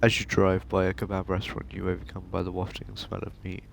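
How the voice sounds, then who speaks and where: A man hosting a gaming video, reading a narrative game aloud in steady narration. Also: deep voice, quick pace, vocal fry, slight background noise. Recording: game music playing behind.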